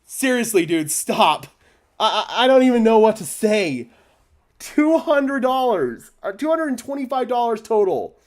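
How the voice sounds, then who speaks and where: A young man hosting a fan live stream, stammering and overwhelmed, swinging from hushed thanks to shouting. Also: very high voice, big pitch swings, unhurried. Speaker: fan channel host.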